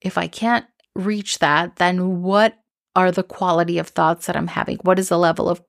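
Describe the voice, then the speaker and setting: A woman's voice: lowish voice, fairly even intonation, moderate pace, vocal fry, no room sound, studio quality. A young woman hosting a podcast, telling a personal story in a candid, rambling way with lots of "like" and restarts. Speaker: podcast host.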